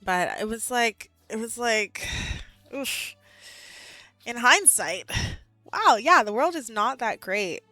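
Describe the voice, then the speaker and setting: A young woman in her twenties chatting casually with her live chat as a streamer, animated and full of "like"s and laughs, a bit out of breath. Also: on the high side, slow pace, dry recording, faint music behind.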